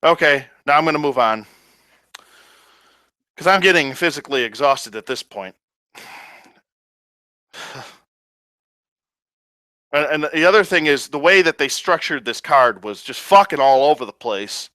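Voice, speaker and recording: A man's voice: fairly high pitch, expressive, unhurried, long pauses, pushed and bright, dry recording. A man ranting in a casual review, profane, sarcastic and exasperated. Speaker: wrestling reviewer.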